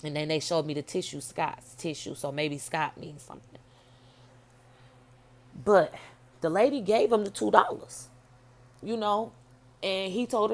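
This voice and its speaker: A woman's voice: fairly low pitch, normal speed, creaky, long pauses, a little hiss or hum. A woman vlogger telling a story in a casual, rambling monologue, blunt and full of swearing.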